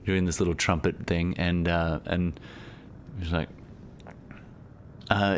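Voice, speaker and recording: Deep-voiced man running a tabletop game. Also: level tone, slow, long pauses, slight background noise. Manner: meandering, many fillers and restarts. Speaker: game master.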